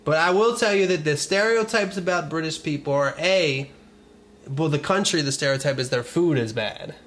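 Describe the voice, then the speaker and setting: A man's voice: fairly high pitch, fairly bright tone. Crude joking man hosting a podcast. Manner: crude, joking, quick to riff. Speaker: podcast host. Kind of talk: casual podcast chat.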